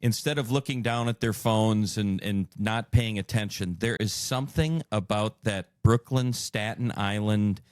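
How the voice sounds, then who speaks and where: A man's voice: fairly low pitch, measured pace, few pauses, darkish tone, smooth, dry recording, studio quality. A man hosting a podcast interview, talking earnestly and restarting his phrases. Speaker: podcast host. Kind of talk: casual interview chat.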